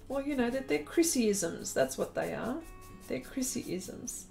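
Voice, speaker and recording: An Australian art instructor leads a live-stream painting demo, chatting, giggling, reading viewer comments aloud and greeting people by name. Her voice sits high, expressive yet creaky with a darkish tone, and she speaks slowly over faint background music.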